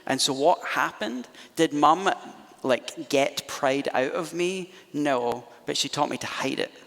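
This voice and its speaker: Scottish male pastor with a higher-than-usual voice, lively and self-mocking, preaching in a big echoing church. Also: a little slow, vocal fry. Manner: animated, self-deprecating storyteller. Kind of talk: storytelling sermon. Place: church auditorium. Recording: reverberant church hall.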